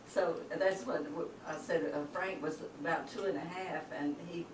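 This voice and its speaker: An older woman telling family memories slowly, pausing on fillers. Her voice sits a little low. It was caught on a home camcorder from across a roomy space with a clear hiss behind it. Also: fairly even intonation. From rural Texas. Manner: unhurried storyteller, halting with fillers. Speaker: family member reminiscing. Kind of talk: casual family reminiscence. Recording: roomy, distant home-video sound with hiss.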